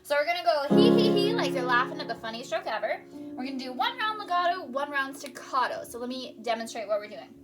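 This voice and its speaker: A woman voice teacher leading a recorded singing lesson, cheerful and encouraging, singing short warm-up demonstrations. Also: sits high, big pitch swings, fast talker, loud music behind the voice.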